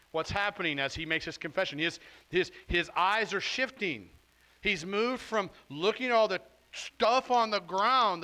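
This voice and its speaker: Lively, bright-voiced male pastor preaching. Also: sits high, rough recording. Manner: conversational, animated, acts out quoted voices. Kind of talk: sermon.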